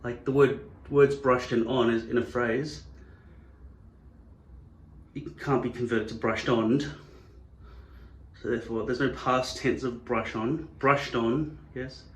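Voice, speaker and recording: A man's voice: medium pitch, steady tone, slow pace, long pauses. Rambling man in an echoey room. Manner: musing, digressive, wry. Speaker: channel host. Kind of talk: rambling vlog monologue.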